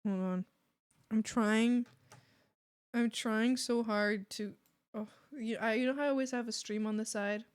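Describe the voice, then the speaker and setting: A woman with a fairly high voice chats casually on an art stream. She is bubbly and giggly and fills her stories with "like". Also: fairly even intonation, unhurried, long pauses, clean tone. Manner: bubbly, giggly, full of "like" fillers. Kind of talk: casual chat while drawing.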